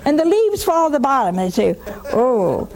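A woman hosting a religious call-in show, teaching in an animated way, mocking with put-on quotes and dropping to a hush for emphasis. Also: high voice, quick pace. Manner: animated, mocks with put-on quotes, drops to a hushed whisper for emphasis.

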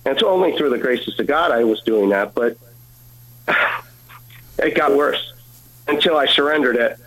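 A man's voice: medium pitch, expressive, normal speed, a bit bright, low-quality recording. A man giving an earnest personal testimony as a guest, acting out the dialogue as he tells it.

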